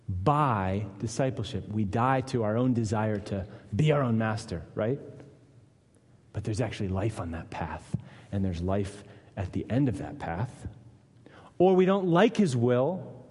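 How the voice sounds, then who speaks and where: A man preaching a sermon, earnest, dropping low and quiet for weight and rising to voice the people in his text. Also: breathy edge. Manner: earnest, dips low and quiet for weight, lifts up to voice Jesus and Peter. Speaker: pastor. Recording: long reverb of a church hall.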